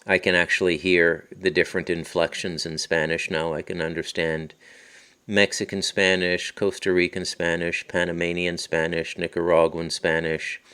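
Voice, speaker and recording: A podcast host and author from Canada, speaking with an Ottawa Valley accent in a low, deep voice, tells a story into his phone at his countryside home. His monologue rambles loosely, drifting onto tangents and restarting sentences often. The delivery is flat and sharp-toned at normal speed, with clean sound.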